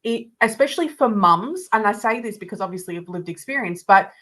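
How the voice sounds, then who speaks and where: A woman's voice: medium pitch, lively intonation, a little fast, a bit bright, low-quality recording. A woman hosting a podcast interview, speaking in a heartfelt, openly emotional way. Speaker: podcast host. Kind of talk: conversational interview.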